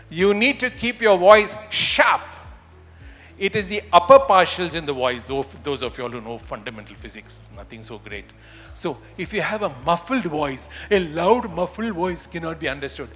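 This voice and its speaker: A man with an Indian English accent giving an animated, demonstrative conference talk on voice and communication, with touches of humor. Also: on the high side. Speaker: voice and communication trainer. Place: large event hall. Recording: hall with long reverb, faint music.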